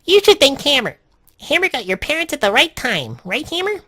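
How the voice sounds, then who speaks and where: A man voicing an excitable young woman in a high falsetto. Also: brisk, heavily acted. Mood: eager.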